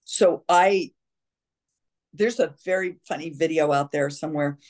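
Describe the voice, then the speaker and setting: A woman's voice: sits low, unhurried. A woman, an actress, chatting as an interview guest and telling stories animatedly, sometimes slipping into little voices. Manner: animated storyteller, slips into voices. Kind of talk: casual chat.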